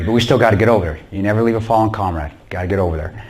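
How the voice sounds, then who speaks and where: A man giving a storytelling talk to an audience in a church. He is animated, acts out the dialogue and laughs often. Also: on the low side, a little fast. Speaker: guest speaker.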